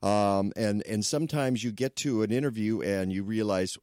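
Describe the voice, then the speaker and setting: A man hosts a talk radio show in a rambling, chatty way, doubling back on his sentences. His voice sits somewhat low, and the studio sound is dry and close. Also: moderate pace, darkish tone, no echo.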